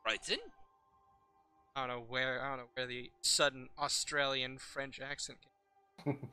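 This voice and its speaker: Bright, lively male game master. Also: medium pitch, measured pace, smooth, no echo, soft background music. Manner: animated, laughing, chatty. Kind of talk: running a tabletop game.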